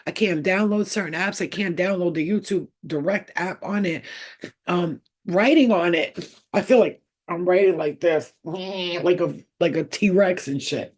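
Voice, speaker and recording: A woman's voice: lowish voice, measured pace. Profane, giggly woman streaming live. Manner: profane, rambling, giggly talk. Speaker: channel host. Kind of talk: casual live-stream chat.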